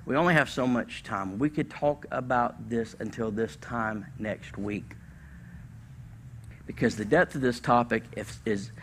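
A man preaching to a church congregation in a loose, conversational way, mixing casual slang into scripture. His voice sits at a middle pitch for a man, and it jumps high and loud when he leans into a point. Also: a little slow, slight background noise. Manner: conversational and animated, with casual slang and sudden bursts of pitch and volume. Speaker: pastor. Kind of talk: sermon.

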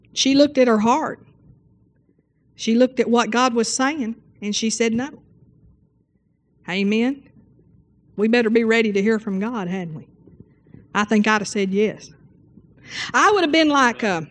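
Woman preacher, sermon, storytelling, rambling asides, slightly high voice. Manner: storytelling, repeating "Amen" and fillers.

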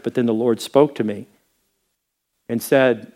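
A man preaching as a pastor, telling a story in a sermon and acting out the dialogue with lively voices. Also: mid-range voice, normal speed, long pauses.

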